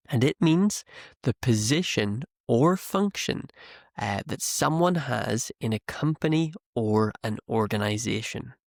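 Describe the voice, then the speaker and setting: A man hosting an English-learning podcast, explaining vocabulary slowly and repeating key words. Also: medium pitch, vocal fry, dry recording, studio quality. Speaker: English teacher and podcast host. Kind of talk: slow, clear teaching monologue.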